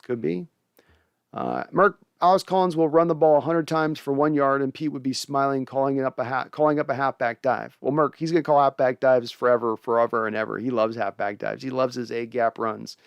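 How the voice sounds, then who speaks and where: A man's voice: medium pitch, fairly even intonation, a little fast, gravelly, smooth, dry recording, lo-fi sound. A young man hosting a casual sports fan show, reading viewer comments and giving opinionated takes with frequent restarts.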